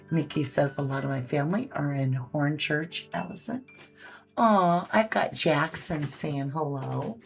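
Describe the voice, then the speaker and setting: A woman with a low voice and vocal fry hosts a live painting stream, chatting casually, reading viewer comments aloud, and fussing over her dogs. Faint music plays in the background.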